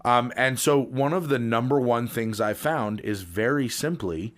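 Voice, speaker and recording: A man's voice: mid-range voice, unhurried, a bit bright. A man co-hosting a podcast, telling long pun setups in a rambling way with many ums and restarts. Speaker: podcast co-host. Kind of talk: casual comedic chat.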